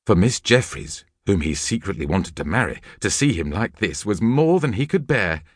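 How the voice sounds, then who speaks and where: A man narrating a children's audiobook with lively, expressive storytelling. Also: lowish voice, normal speed, no room sound, clean studio sound.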